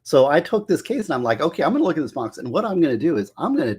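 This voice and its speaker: A man who works as a public defender tells stories about his career in casual, animated talk, acting out the voices of the people he quotes. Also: on the high side, racing, few pauses, breathy edge. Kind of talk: casual storytelling monologue.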